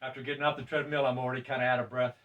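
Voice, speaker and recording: A man in his sixties talking casually while working out in a gym room. He breathes deeply and keeps checking in with "right?" and soft laughs. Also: flat delivery, very fast, narrow, tinny audio. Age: 60s. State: breathing deeply during the workout. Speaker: fitness vlogger. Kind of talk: casual demonstration while exercising. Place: gym room among exercise machines. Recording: distant mic with faint background noise.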